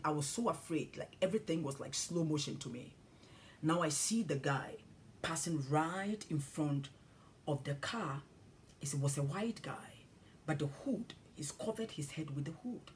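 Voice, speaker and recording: Dramatic storytelling woman preacher, low-pitched. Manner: animated storytelling with sudden loud cries and hushed whispers. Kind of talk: sermon testimony.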